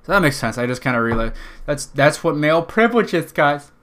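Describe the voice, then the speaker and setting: A man's voice: on the high side, animated, a little fast, fairly bright tone. A young man hosting a podcast, rambling through a profane, self-mocking comedic monologue. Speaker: podcast host.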